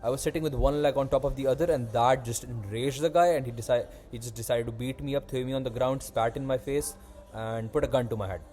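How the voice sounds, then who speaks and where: A young man hosting a casual podcast, telling animated, rambling stories and swearing freely. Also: medium pitch, fast, hardly any pauses, faint music behind. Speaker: podcast host. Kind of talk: casual chat.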